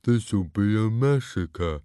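A man doing a slow, gloating brute. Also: lowish voice, lively intonation, warm tone, clear, resonant tone, no echo, clean studio sound. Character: hulking mean-tempered Viking boy bully.

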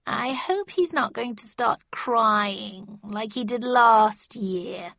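A woman's voice: a little high, slow pace, gravelly, a bit bright, dry recording, lo-fi sound, exaggerated voice. A woman voicing a sly, knowing male cat who speaks grandly and playfully. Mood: gossipy.

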